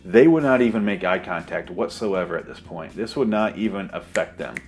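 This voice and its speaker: Deep-voiced sarcastic man recapping a movie. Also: lively intonation, a little fast. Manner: sarcastic, profane, rambling with mock voices. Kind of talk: comedic movie recap monologue.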